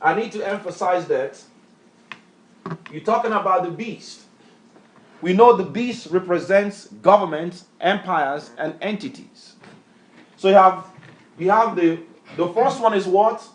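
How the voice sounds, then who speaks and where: A man with a high-pitched voice speaks unhurriedly, leaving long pauses, in an echoey room. He preaches and teaches scripture emphatically, quizzing his reader with repeated questions in a call-and-response style.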